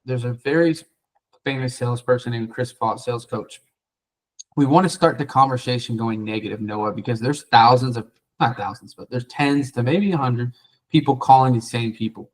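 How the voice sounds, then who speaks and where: A man's voice: mid-range voice, normal speed, low-quality recording. A man coaching a trainee on cold calls, blunt and profane, acting out the lines of callers and sellers. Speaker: sales coach. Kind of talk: coaching feedback after a sales role play.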